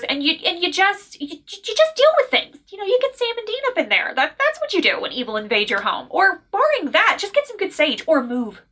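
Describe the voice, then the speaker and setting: A Southern woman with a Southern US accent, casually reviewing a book in a chatty, animated way with frequent laughs and asides. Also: high-pitched. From American South.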